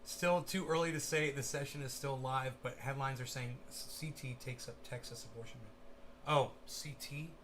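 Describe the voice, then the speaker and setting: A young man hosting a crypto livestream, giving excitable, profane live market commentary straight to his viewers. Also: mid-range voice, normal speed, a little hiss or hum.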